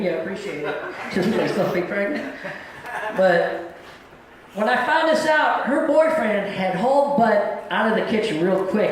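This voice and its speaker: A man's voice: high voice, heavy reverb, background noise. A middle-aged man doing a live stand-up set on a comedy club stage, telling stories in a plain-spoken, folksy way.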